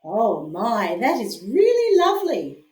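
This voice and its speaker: A woman's voice: a little high, huge pitch swings, measured pace, a little mellow. Casual woman podcast host, self-deprecating and giggly, recorded in an echoey room. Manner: chatty, laughs often, self-deprecating. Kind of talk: casual chat. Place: home.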